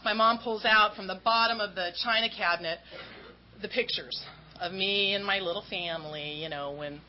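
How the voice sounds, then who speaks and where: A woman's voice: mid-range voice, moderate pace. Candid woman telling her recovery story. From Southern California. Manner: candid, self-mocking, acts out quoted voices. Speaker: AA speaker. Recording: dull lo-fi talk recording with faint noise.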